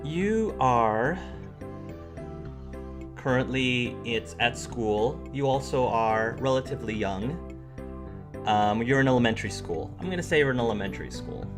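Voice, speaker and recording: A man's voice: medium pitch, lively intonation, measured pace. A man narrating as game master of a tabletop game, rambling and restarting his sentences, with faint music behind. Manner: rambling, full of fillers and restarts.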